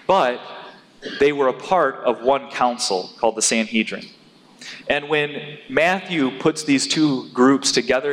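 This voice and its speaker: A man preaching a sermon in an animated way, rising to loud, emphatic peaks as he drives his points home. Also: mid-range voice, a little hiss or hum. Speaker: pastor. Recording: long hall reverb.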